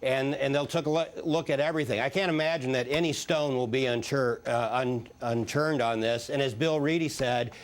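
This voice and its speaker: Measured, hesitant man being interviewed. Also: mid-range voice, fairly even intonation. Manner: measured, hesitant with frequent uh fillers. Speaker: former space agency official as studio guest. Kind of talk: live TV news interview.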